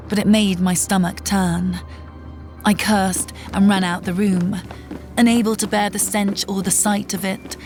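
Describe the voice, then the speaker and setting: A woman tells a first-person horror tale in a tense, measured voice of middling pitch. Soft music runs faintly behind her. The reading is steady and scripted. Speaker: narrator.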